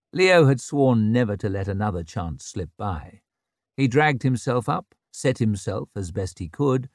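Slow, measured male audiobook narrator. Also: fairly low pitch, gravelly, dry recording, clean studio sound. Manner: measured, even storytelling. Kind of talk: scripted narration.

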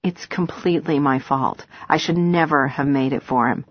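A man's voice: on the high side, normal speed, no echo, dull audio, natural voice. A woman reading an audiobook voices a tall, gaunt man who speaks earnestly and apologetically. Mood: remorseful. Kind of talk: audiobook character voice.

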